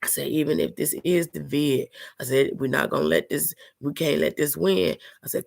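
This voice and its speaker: Sick woman with a deep gravelly voice. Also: very animated, fairly quick, few pauses, a bit bright. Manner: emotional, earnest, talks straight to viewers. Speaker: vlogger. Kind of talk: casual storytelling to viewers.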